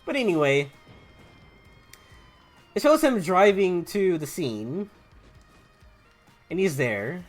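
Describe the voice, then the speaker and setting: With a high, sing-song voice, a young Southern US man commentates on his gameplay slowly and pauses often. He's a gaming YouTuber who rambles and stammers through restarts. Faint game music can be heard behind him.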